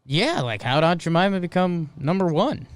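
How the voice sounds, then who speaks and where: A man's voice: a little high, lively intonation, moderate pace, clean tone, no echo. A man co-hosting a podcast in a studio, chatting casually with a curious manner, musing aloud and asking questions. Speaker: podcast co-host. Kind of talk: casual chat.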